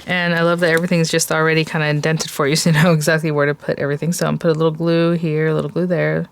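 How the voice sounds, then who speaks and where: A woman's voice: deep voice, little pitch movement, racing, creaky, a little hiss or hum. A woman hosting a crafting tutorial, chatting casually to viewers as she works and often exclaiming how cute things are. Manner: chatty, gushing, talks to viewers while working. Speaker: craft video host.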